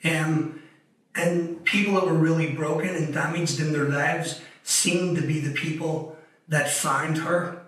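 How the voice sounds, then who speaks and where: A man's voice: a little high, steady tone, unhurried, fairly bright tone. A man from Northern Ireland with a Belfast accent, frankly telling his life story as a guest, often repeating words as he searches for them. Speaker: guest author. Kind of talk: casual storytelling interview. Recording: very echoey room, a bit distant from the mic.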